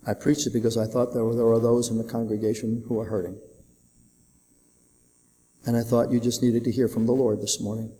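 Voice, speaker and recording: A man's voice: little pitch movement, fairly quick, long pauses, mellow, long reverb tail, a little hiss or hum, low-quality recording. A male pastor delivering a sermon, telling a dramatic story and acting out the voices of the people in it. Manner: dramatic storytelling, voicing characters with raised pitch. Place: church sanctuary.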